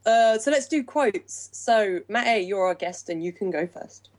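A woman's voice: medium pitch, animated, a little slow. Woman, podcast host, giggly, casual chat, mid-range voice. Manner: giggly, reads listener email aloud.

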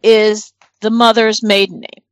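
A woman's voice: medium pitch, little pitch movement, measured pace, no room sound. A middle-aged woman from northern New Jersey, chatting casually as a podcast co-host, rambling and thinking aloud with many fillers over a remote call. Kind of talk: casual chat.

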